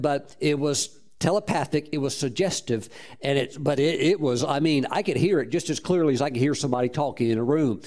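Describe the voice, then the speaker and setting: A man with a voice on the high side, a little mellow, preaches as a pastor, telling a story with fervent praise. Frequent restarts lead him to repeat words.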